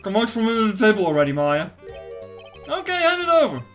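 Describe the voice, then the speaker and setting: Woman doing a tough-talking mob guy, all slang and threats, high and punchy. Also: very animated, a little fast, faint music behind, close to an everyday voice. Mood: menacing. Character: blustering male mobster chef, menacing.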